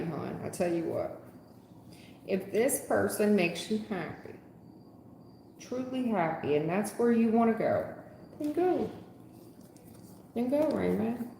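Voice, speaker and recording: A woman's voice: medium pitch, gravelly, mellow, slight background noise. A woman giving a live tarot reading, sarcastic and scolding in a folksy way. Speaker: tarot reader. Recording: echoey room with long reverb.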